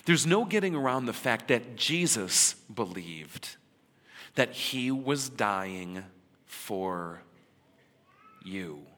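Man preaching in a bright, echoing hall. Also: medium pitch, very animated. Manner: conversational and emphatic, with dramatic pauses. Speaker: pastor. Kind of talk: sermon. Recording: long hall reverb.

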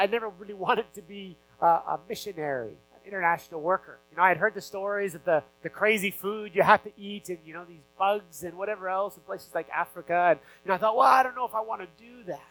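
A man's voice: high-pitched, bright, forceful tone, low-quality recording. A man preaching as a pastor, telling a story earnestly, with fillers and restarts. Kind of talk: sermon.

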